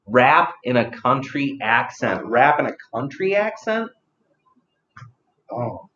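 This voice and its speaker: A man's voice: medium pitch, sing-song, slow, pauses often, fairly bright tone, slight background noise. A man hosting a live stream, rambling and joking at his own expense while he talks to his chat. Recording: roomy, slightly dull recording.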